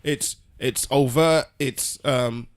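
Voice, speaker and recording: A man's voice: medium pitch, fairly even intonation, slow. A man, a podcast co-host making an earnest argument in casual discussion. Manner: earnest, argumentative, restarts words.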